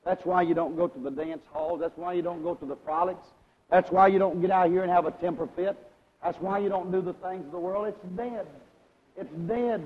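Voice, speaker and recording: Male preacher with a high voice who quizzes his congregation and seeks their agreement, swinging from loud to hushed, in an old lo-fi recording with hall echo. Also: steady tone, fairly quick. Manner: questions the congregation and asks for agreement; loudness swings between strong and hushed. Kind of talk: sermon to a congregation.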